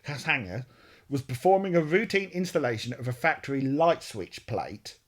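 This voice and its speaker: Male co-host, mid-pitched, loose rambling delivery with jokes and self-corrections. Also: expressive, moderate pace. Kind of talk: casual chat.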